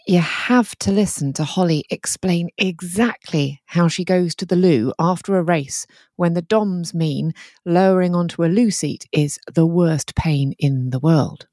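Giggly low-voiced woman podcast host. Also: a little mellow, dry recording, studio quality. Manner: giggly, chatty storyteller. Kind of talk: casual chat.

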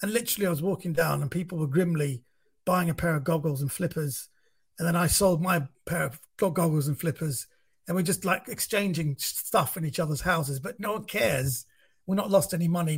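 A man in his fifties with a London accent, a comedian telling stories in a lively, casual chat full of restarts. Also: on the high side, a little fast, gravelly, breathy edge. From central London. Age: 50s. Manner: animated storytelling with many restarts. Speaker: comedian guest.

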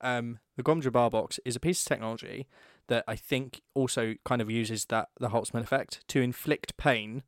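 A man's voice: medium pitch, fairly even intonation, normal speed, hardly any pauses, no room sound, studio quality. Man explaining at length on a podcast. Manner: explains in detail, restarts phrases. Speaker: podcast co-host. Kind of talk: casual chat.

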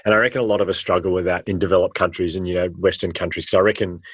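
An Australian man in his thirties, a guest telling stories in a casual interview, animated and acting out the voices he quotes. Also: deep voice, rapid-fire, slightly rough, no echo.

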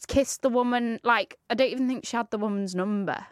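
A woman's voice: fairly high pitch, a little fast, no echo, clean studio sound. An English woman co-hosting a podcast, chatting casually, swearing freely and laughing often. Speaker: podcast co-host. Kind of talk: casual chat.

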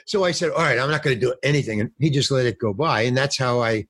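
A man's voice: mid-range voice, quick pace, hardly any pauses, fairly bright tone, slightly rough, no room sound. An older actor telling rambling anecdotes in a casual interview, acting out the lines of people he quotes. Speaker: actor and guest.

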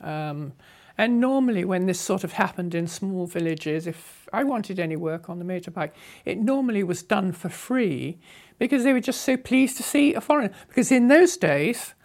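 A woman's voice: lowish voice, animated. Elderly woman telling her story. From England. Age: 80s. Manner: unhurried, wry, with soft laughs. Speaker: interviewee. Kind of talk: reminiscing storytelling.

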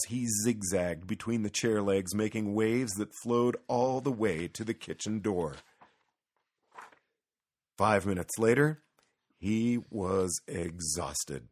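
A man reading a children's Christmas story aloud with lively, expressive storytelling. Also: lowish voice. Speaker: narrator.

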